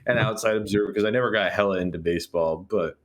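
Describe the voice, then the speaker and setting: A man co-hosting a podcast, talking casually about sports and jumping into high exclaiming voices. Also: fast. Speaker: podcast co-host.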